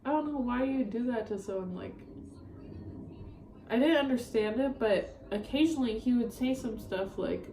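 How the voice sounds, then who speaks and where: A woman's voice: fairly high pitch, moderate pace, mellow, echoey room, a little hiss or hum, poor audio. A young woman vlogging a rambling, upset story about a breakup, full of fillers and swearing. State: upset, near tears. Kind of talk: ranting storytime vlog.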